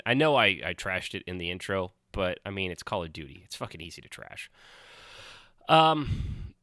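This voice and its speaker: A man's voice: sits low, fairly bright tone, clean tone, no echo, studio quality. A man hosting a podcast in casual chat, rambling and swearing freely. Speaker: podcast host.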